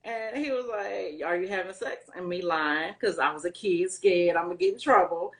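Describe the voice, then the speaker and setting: A woman's voice: lowish voice, moderate pace. A middle-aged woman, an interview guest, telling her life story candidly in loose conversational speech with many fillers.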